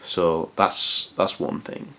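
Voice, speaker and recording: A man's voice: takes it slowly, bright, forceful tone. A man who moved to England from abroad, a consultant giving casual career advice in a rambling way, full of restarts and "you know". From outside England, moved there.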